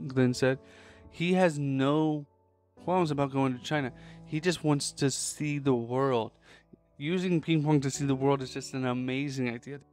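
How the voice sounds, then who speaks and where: A man hosting a podcast, pitching a sports film as a casual, animated story and tossing in quick quoted voices. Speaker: podcast host.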